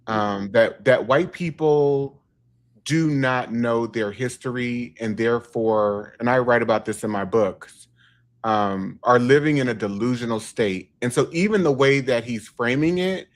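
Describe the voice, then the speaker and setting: Man host, deliberate analytical speech. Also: mid-range voice. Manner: deliberate, analytical, clinical wording. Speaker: host and author. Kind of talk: livestream discussion.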